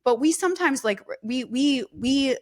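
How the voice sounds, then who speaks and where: A woman's voice: high-pitched, a little slow. Earnest woman telling a personal story. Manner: earnest, emphatic and animated. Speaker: guest therapist.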